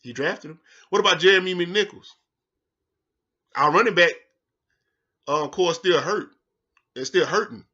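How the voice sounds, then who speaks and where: A heated man hosting a sports talk show rants casually, cursing freely and jumping from low mutters to loud outbursts. His voice sits a little high and sounds bright and forceful. The recording is dull and lo-fi. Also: measured pace, pauses often.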